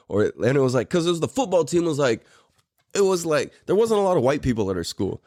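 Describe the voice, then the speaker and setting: A middle-aged San Diego man from Mira Mesa hosts a podcast in a slightly high, sing-song, darkish voice, speaking fairly quickly. Recorded dry at studio quality, he tells a laid-back, profane story in casual chat and laughs frequently.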